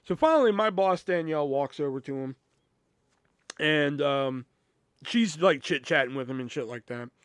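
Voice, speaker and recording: Brief: male podcast host spinning a long work story, cussing, rambly, slightly high voice, dry close sound. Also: lively intonation, moderate pace, clear, resonant tone, dry recording. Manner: profane, rambling, lots of "you know". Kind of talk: casual storytelling.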